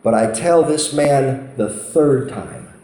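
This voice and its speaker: A man's voice: mid-range voice, slow pace, mellow, a little hiss or hum. A man preaching a sermon, telling a story with impassioned, pleading emphasis. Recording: roomy hall echo.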